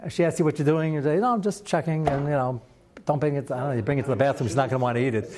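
A man teaching a Talmud class as a rabbi, chatty and animated, sprinkling his talk with Hebrew and Yiddish terms. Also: medium pitch, rapid-fire, crowd noise. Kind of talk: Talmud class lecture with storytelling.

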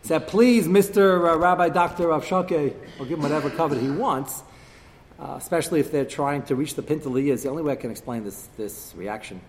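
A man's voice: mid-range voice, fast, darkish tone, big-room sound, slight background noise. A man teaching a text-study class, acting out quoted speakers with sarcastic asides. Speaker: Torah teacher.

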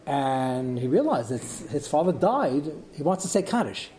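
A man teaching a Torah class, telling a story animatedly with frequent Hebrew and Yiddish terms and quick asides. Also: medium pitch, sing-song, mellow.

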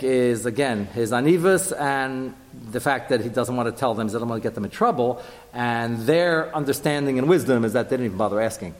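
A man giving a lively Torah class to a group, jumping his pitch up to act out quoted lines. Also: in a large hall.

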